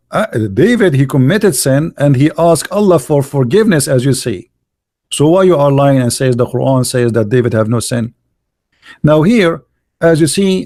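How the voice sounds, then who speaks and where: A man arguing and mocking as he reads from texts, sharp and combative, stopping often with fillers while he searches. His voice sits at an ordinary male pitch and is recorded close and dry, with no room sound. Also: dry recording. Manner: mocking, insulting and argumentative; halting, with many fillers while searching pages. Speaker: religious debate commentator. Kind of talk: combative commentary while reading texts on screen.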